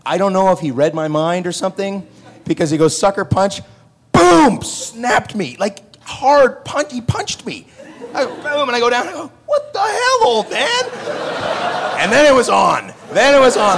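A man, an actor answering fan questions on a panel, telling stories in a lively way, acting out other people's lines and laughing often. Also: creaky. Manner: animated, acts out other people's lines with loud jumps in pitch. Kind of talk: panel Q&A storytelling.

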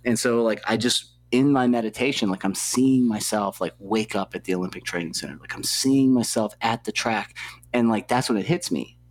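A young man with a slightly low-pitched voice tells a story as an interview guest. He rambles casually, swears freely and fills his sentences with "like" and "you know.". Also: moderate pace. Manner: profane, loose, heavy on filler words. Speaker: athlete guest.

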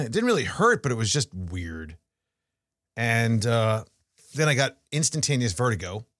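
A middle-aged man co-hosts a podcast and tells stories in an animated, casual way, often restarting his sentences. His pitch swings widely, and the close sound is dry. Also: no room sound. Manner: animated storytelling with frequent restarts. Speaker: podcast co-host. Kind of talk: casual chat.

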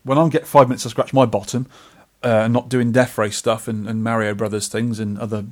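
A man's voice: medium pitch, level tone, brisk, a little mellow. Chatty man co-hosting a podcast. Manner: chatty, self-deprecating, rambling. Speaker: podcast co-host. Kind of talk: casual chat.

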